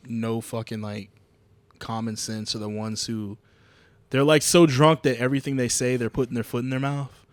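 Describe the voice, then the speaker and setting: A man's voice: medium pitch, flat delivery, normal speed, no echo. A man co-hosting a podcast, telling stories in casual, emphatic, profane chat. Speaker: podcast co-host.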